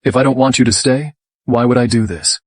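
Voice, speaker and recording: Actor as earnest young president, mid pitch, dry dub. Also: male voice, fairly quick, dry recording, close to an everyday voice. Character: young man, company president, devoted and earnest. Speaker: company president. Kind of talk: dubbed drama dialogue.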